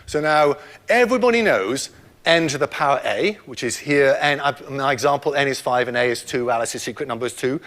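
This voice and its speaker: A man's voice: medium pitch, lively intonation, brisk, fairly bright tone. An older man giving a public lecture, explaining math step by step in a playful way and quizzing his audience.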